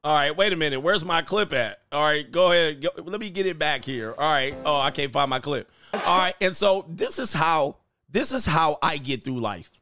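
A man giving a loud, slangy, animated comic rant while reacting to a video clip, laughing as he goes. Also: a little high, moderate pace. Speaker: comedy commentator reacting to a clip.

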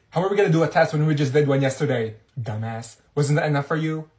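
A young man acting out comedy sketches, swinging between loud shrill outbursts and low mumbled asides. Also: normal speed. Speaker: comedy sketch creator playing many characters.

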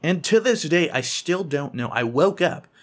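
A young man telling a funny story to camera in an excitable, animated way, often squealing in high voices when he quotes people. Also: moderate pace.

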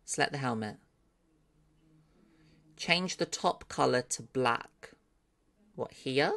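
A woman's voice: very deep voice, expressive, takes it slowly, creaky, fairly bright tone. A woman streaming live as she learns 3D modeling. She thinks aloud, talks to her chat and swears with delight when something turns out well.

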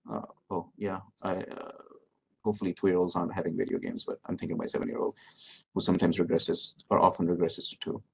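A middle-aged man leading an interactive training workshop, speaking calmly and encouragingly as he reads out answers from the audience. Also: deep voice, brisk, gravelly, husky. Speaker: workshop presenter.

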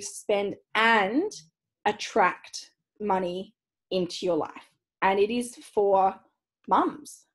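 A woman coaching other mums on an online call, giving a chatty sales pitch for her program, bubbly, swearing freely and laughing often. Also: rough recording. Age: young adult. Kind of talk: live webinar sales pitch.

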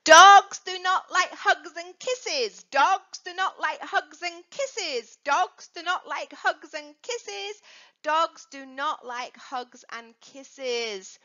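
Woman, children's teacher, sing-song, slow, muffled lo-fi sound. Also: sits high, pushed and bright. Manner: sing-song, coaxing questions to kids. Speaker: dog safety educator. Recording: dull lo-fi recording.

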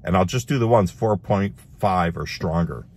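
A middle-aged man hosting a casual commentary show, reading headlines aloud and adding animated, laughing remarks. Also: low voice, moderate pace, slightly rough. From United States. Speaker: host.

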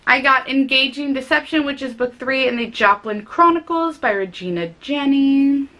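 A woman chatting casually and excitably about books she picked up, with frequent fillers. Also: high-pitched, moderate pace. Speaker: book vlogger. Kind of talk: casual book haul chat.

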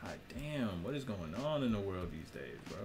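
A man's voice: low voice, big pitch swings, moderate pace, a little mellow, a little hiss or hum. A young man, a musician, rambling in a casual monologue, full of cursing, slang and laughter. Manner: profane, laughing, slangy storytelling.

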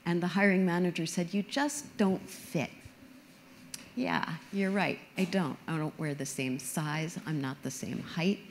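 A woman's voice: deep voice, steady tone, normal speed, few pauses, slight background noise. A middle-aged woman giving a conference talk, explaining earnestly and with emphasis. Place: stage before an audience.

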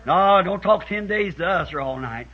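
Old tape of a man preaching, husky high voice, tells stories and rises to shouting. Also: animated, moderate pace. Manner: folksy storytelling, acting out quoted voices, building to shouts. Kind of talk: sermon. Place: church meeting with congregation. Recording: dull lo-fi 1960s sermon tape.

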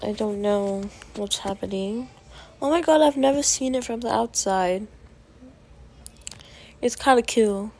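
Slow-talking woman narrating her gameplay. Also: medium pitch. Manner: chatty, bursts into excited yelling at the game. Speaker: gaming video creator. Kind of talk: casual gameplay commentary.

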